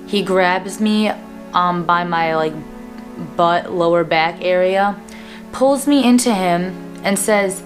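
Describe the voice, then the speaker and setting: A woman in her twenties tells a personal story straight to camera, earnest and plain-spoken, often pausing on fillers. Her voice sits a little low for a woman. Soft music plays faintly underneath. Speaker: vlogger.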